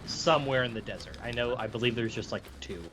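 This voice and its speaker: A man's voice: medium pitch, fast, noisy background. A man co-hosting a podcast, chatting in a rambling way with lots of fillers. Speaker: podcast co-host. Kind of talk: casual chat. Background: game music.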